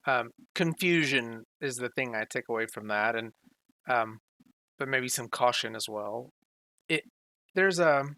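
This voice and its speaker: A man's voice: mid-range voice, fairly bright tone, no echo. A man acting as game master, describing scenes in a hesitant, filler-heavy way. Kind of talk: running a tabletop game.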